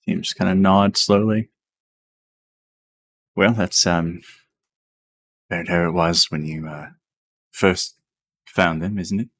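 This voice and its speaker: A man running a tabletop game as game master, talking slowly and casually and swearing now and then. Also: low voice, breathy edge, no echo. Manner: slow, relaxed, swears casually.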